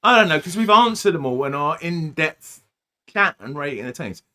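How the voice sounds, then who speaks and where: A man hosts a relaxed podcast conversation, chatty and teasing, often breaking into laughter. His voice sits a touch high with a bright, forward tone. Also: moderate pace. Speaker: podcast host. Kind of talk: casual podcast chat.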